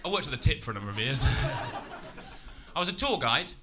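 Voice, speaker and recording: A man's voice: mid-range voice, wildly swooping pitch, moderate pace. A young man with a Lincolnshire accent doing a chatty, self-mocking stand-up set on a comedy club stage. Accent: Lincolnshire English. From England. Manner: chatty, self-mocking, with loud shouted bursts. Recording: live club recording with crowd noise.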